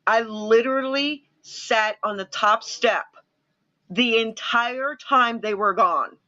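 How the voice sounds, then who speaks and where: A woman host chats on a live stream, her voice bright and sharp and her delivery animated as she acts out the people in her stories. The sound is dull and lo-fi, like compressed stream audio. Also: a little high, slow. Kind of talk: casual live-stream chat.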